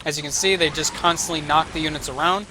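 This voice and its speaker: A man's voice: fairly high pitch, fairly even intonation, quick pace, noisy background. A young man streaming a strategy game, talking casually with sarcastic, profane asides. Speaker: gaming streamer. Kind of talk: casual gameplay commentary.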